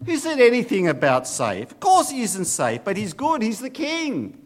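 A man's voice: sits high, huge pitch swings, normal speed, pitched above the performer's own voice, full character voice. A man voicing a firm, earnest male beaver.

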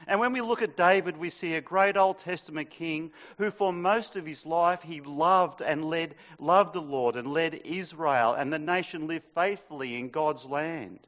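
A man's voice: on the high side, measured pace, hardly any pauses. Man preaching in a reverberant church. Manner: dramatic, rises loud on quoted cries. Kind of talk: sermon with scripture reading. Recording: dull sound in a long-reverb hall.

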